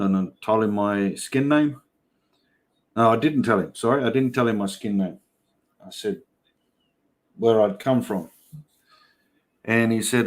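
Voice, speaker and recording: A man's voice: lowish voice, moderate pace, long pauses. A middle-aged Australian man hosting a livestream, chatting casually with viewers and telling stories in a yarning way. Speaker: livestream host. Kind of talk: casual livestream chat reading comments.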